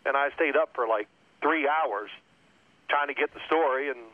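A man in his sixties telling stories in a casual, animated way and acting out quotes in other voices. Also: mid-range voice, normal speed, dry recording. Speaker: guest, former pro quarterback. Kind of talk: casual storytelling. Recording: phone-like line.

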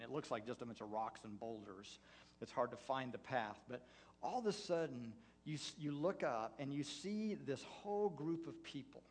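A man, a pastor, preaching a sermon through a personal story, halting with many fillers and restarts. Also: mid-range voice. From United States.

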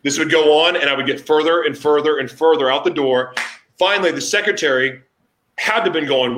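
A man hosting a casual chat, telling candid stories in an animated way. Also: a little high, brisk, echoey room.

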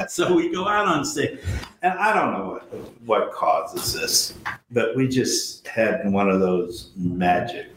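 Older man, low voice, lively storyteller, roomy echo, faint hiss. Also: takes it slowly. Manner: animated anecdotes, acts out friends' lines, frequent laughs. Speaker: veteran actor guest. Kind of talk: storytelling interview.

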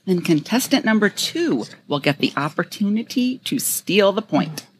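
A woman's voice: mid-range voice, lively intonation, moderate pace, a little hiss or hum. A woman co-hosting a casual podcast, teasing and playful. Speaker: podcast co-host. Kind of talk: casual chat.

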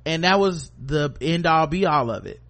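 A man's voice: fairly high pitch, moderate pace, fairly bright tone. A man co-hosting a podcast, telling a work story in casual chat, acting out coworkers in quoted voices and swearing freely. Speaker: podcast co-host.

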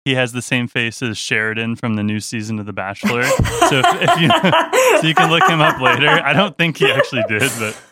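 A young man, a touring musician, telling a story in an animated, casual way with lots of restarts and laughs. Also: medium pitch, brisk, very noisy.

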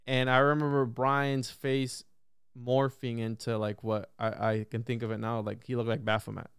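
A young man telling a long story in a casual podcast chat, animated and full of swearing and restarts. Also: medium pitch, gravelly, smooth, dry recording, studio quality. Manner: animated, heavy swearing, quick repeated restarts. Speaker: podcast guest.

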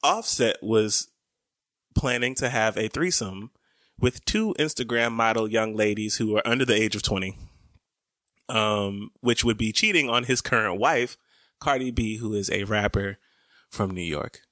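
Bright-voiced laughing man on a podcast. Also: fairly low pitch, measured pace, no echo, clean studio sound. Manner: animated, laughing, banters with his wife. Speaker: podcast co-host. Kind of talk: casual podcast chat.

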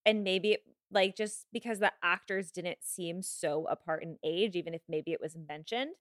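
A woman co-hosting a podcast in casual chat, rambling and animated, laughing often. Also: lowish voice, moderate pace, no room sound, clean studio sound. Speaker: podcast co-host.

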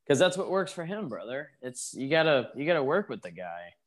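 A man's voice: mid-range voice, very animated, fairly quick. A man co-hosting a podcast, chatting loosely and cursing often as he watches along. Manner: loose, profane, jokey. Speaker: podcast co-host. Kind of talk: casual watch-along chat.

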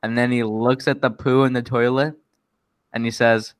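A young man rambles through a story with a steady mid-pitched voice, stacking fillers and breaking into giggles. He sounds dry and close, with no room around him, as if on a video call. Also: normal speed, clean tone, dry recording.

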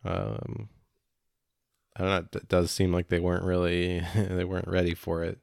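A man chatting casually as a podcast co-host, rambling and halting with many fillers. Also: low voice, monotone, gravelly, darkish tone, no echo, clean studio sound. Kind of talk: casual chat.

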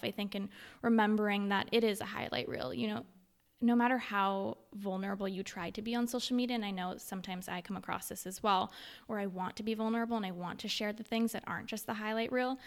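A young woman chats candidly as a podcast guest, easygoing and full of fillers. Her voice carries a steady crackle of vocal fry at the ends of phrases, sitting at an ordinary middle pitch. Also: fairly quick. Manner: chatty and candid, with frequent fillers. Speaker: podcast guest, mother and blogger. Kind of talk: casual interview answers.

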